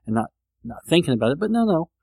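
Gravelly man rambling on a podcast. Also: a little high, sing-song, fast, warm tone, dry recording. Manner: rambling, self-deprecating, many restarts. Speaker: podcast host. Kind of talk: casual monologue.

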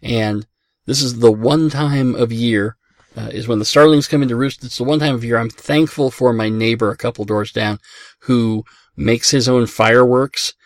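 A man's voice: medium pitch, fairly even intonation, normal speed, dry recording, clean studio sound. A man talking casually from his parked car as a podcast host, chatty and self-deprecating, easily amazed by what he reads. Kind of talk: casual rambling chat.

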